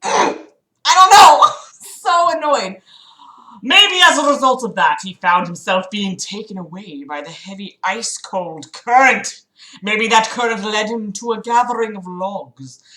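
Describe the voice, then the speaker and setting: A woman's voice: mid-range voice, pushed and bright, echoey room. A woman hosting a livestream, reading a book aloud and breaking off into sarcastic, exasperated commentary full of swearing. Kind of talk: dramatic reading with mocking commentary. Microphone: streaming mic.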